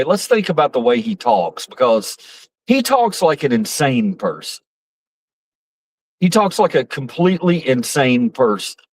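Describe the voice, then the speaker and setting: A man's voice: medium pitch, dry recording. A man giving casual, rambling political commentary on his stream, profane and mocking, with frequent restarts.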